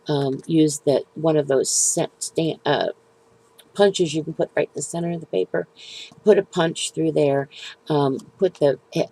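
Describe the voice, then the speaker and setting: Middle-aged woman, card-making vlogger, low mellow voice, rambling and unsure, dry close sound. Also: vocal fry, no echo, low-quality recording. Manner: hesitant, rambling, many ums and restarts. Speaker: papercraft video maker. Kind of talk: casual show-and-tell crafting talk.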